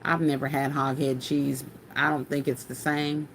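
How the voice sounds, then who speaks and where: A woman's voice: low-pitched, level tone, normal speed, a little hiss or hum. A woman hosting a casual craft livestream, chatting folksily and laughing often as she answers viewer comments.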